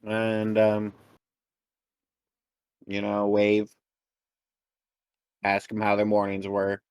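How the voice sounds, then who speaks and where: A man playing a tabletop game and describing his character's actions in a relaxed, hesitant way. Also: on the low side, drawn-out words, clean tone, no room sound. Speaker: player. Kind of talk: tabletop game play, casual chat.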